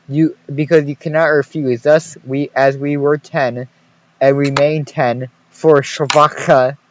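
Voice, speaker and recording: A man's voice: on the high side, rough recording. Rambling young man joking over diaries. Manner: rambling, joking, swears a lot, stumbles over words. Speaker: podcast co-host. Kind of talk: casual podcast chat, reading diaries aloud.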